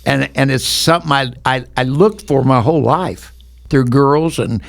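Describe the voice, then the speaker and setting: Gravelly older man telling his story. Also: medium pitch, normal speed, dry recording. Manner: earnest storyteller, acts out quoted dialogue. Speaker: podcast guest.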